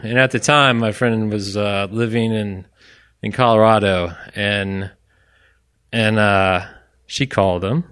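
A man's voice: lowish voice, fairly even intonation, slow, fairly bright tone, smooth. A man from Orlando telling a personal story on stage to a live audience, chatty and self-deprecating, with apologetic asides. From Orlando, Florida. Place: live stage event in a bar venue.

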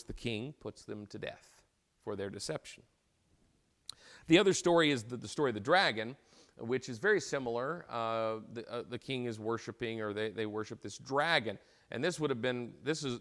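A man's voice: mid-range voice, fairly bright tone. A man teaching an informal lecture as a Bible teacher, retelling a story in a conversational way and often repeating and restarting his words.

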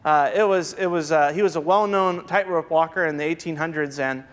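A man's voice: a little high, fairly quick. A man preaching a sermon as a pastor, reading scripture and dropping wry asides. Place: church sanctuary. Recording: long reverb from a church hall.

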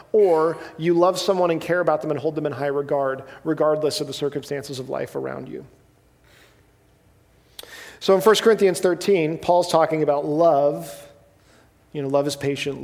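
A man giving a sermon in a casual, conversational way, often checking in with the room. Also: a little high. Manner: conversational, asks the room "right?" and "okay?". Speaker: pastor. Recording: long reverb of a hall.

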